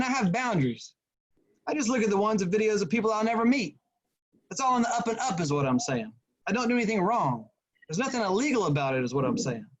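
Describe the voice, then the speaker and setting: A man's voice: high voice, voice pushed up, low-quality recording. A man reading as a blunt, rambling middle-aged husband. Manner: rambling, blunt, repeating himself. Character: uneasy married man, 48, confessing a habit. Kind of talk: reading a novel aloud.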